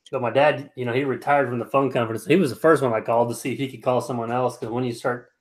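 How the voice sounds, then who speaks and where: Relaxed man telling work stories. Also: mid-range voice, a little fast, pauses often. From Joplin, Missouri area. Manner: laid-back storytelling. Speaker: co-host. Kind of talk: casual chat.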